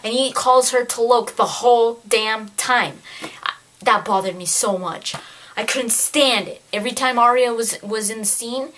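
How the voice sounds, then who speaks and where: A woman giving a casual spoken book review, ranting in an exasperated, animated way. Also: on the high side, unhurried, a little hiss or hum.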